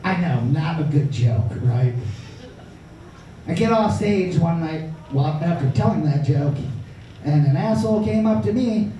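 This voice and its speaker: High-voiced man, crude stand-up storytelling, distant mic, echoey noisy club. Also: expressive, a little slow, dark tone. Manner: crude, brash, profane storytelling. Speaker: stand-up comedian. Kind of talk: stand-up comedy set. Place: small comedy club stage. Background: audience laughter.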